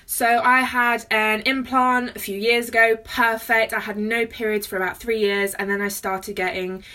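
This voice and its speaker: A woman's voice: fairly high pitch, little pitch movement, moderate pace, pushed and bright. A young woman in her twenties, nervously and candidly telling a personal story in a phone-recorded vlog. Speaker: vlogger. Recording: phone mic from a distance.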